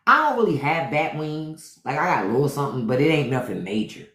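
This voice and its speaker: A podcast host from Washington, D.C., talking loose and profane on a livestream. His pitch swings widely as he riffs. The sound bounces around an echoey room. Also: fairly quick. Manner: animated, profane riffing. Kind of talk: casual livestream chat.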